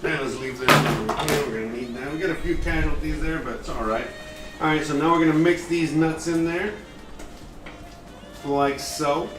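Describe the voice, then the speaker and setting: A man's voice: a little high, fairly even intonation, moderate pace, over music. Rambling man cooking far from mic. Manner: rambling, filler-heavy, jokey. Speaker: cooking streamer, former chef. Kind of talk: casual live cooking stream. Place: home kitchen. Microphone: distant from the mic. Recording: roomy, distant, noisy home recording.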